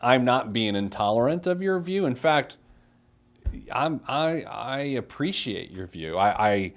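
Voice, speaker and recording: A man's voice: mid-range voice, big pitch swings, a little slow. A man in his thirties hosting a casual financial advice radio show, self-deprecating, reading listener letters aloud.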